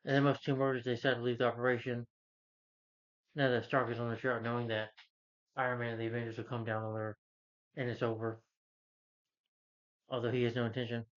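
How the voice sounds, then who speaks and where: A man talks through a film's plot in a loose, rambling way, often stopping to correct names. His voice sits at an ordinary middle pitch. The recording is dull and slightly lo-fi. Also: flat delivery, a little fast, pauses often. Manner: rambling, self-correcting, retells scenes with "he's like" quotes. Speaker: film reviewer. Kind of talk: casual spoken film recap.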